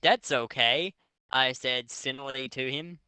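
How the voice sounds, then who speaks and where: A man's voice: medium pitch, measured pace, bright, forceful tone, clear, resonant tone, dry recording. A man doing a mocking comedic reading of a bad fanfic aloud to friends, swearing often. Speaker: reader of a fanfic.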